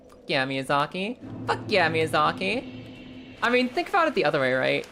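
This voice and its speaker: Excitable young woman streaming a game. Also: a little hiss or hum. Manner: excitable, jumps to high squeals, swears freely. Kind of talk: casual live-stream gameplay chatter.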